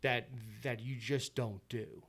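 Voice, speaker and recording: A man's voice: mid-range voice, takes it slowly, fairly bright tone. A man guest on a podcast, telling his story earnestly and often repeating words and restarting his sentences.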